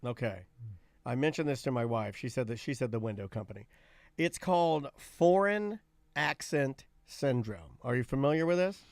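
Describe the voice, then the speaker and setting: A man co-hosting a casual live-stream chat, telling rambling stories in an animated way. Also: medium pitch, moderate pace, vocal fry, dry recording, clean studio sound. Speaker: co-host.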